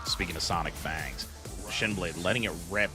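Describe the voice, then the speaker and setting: A man's voice: low-pitched, normal speed. A young man commentating a fighting game, hyped and casual, throwing in slang between calls. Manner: hyped, casual, says bro and dude. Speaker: esports commentator. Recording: strong music bed behind.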